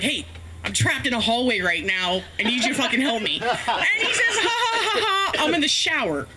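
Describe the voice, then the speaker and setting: Woman comic, high voice, bright tone, profane rambling anecdote, faint hiss behind. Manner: rambling, profane, self-mocking, laughs often. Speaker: comedian. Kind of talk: stand-up storytelling. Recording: faint background noise, live stream.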